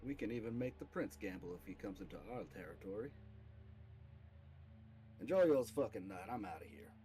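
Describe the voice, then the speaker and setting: Man doing a cocky rogue gambler, crude, boastful, low mellow voice, quiet. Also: lively intonation, brisk, soft background music, lightly acted.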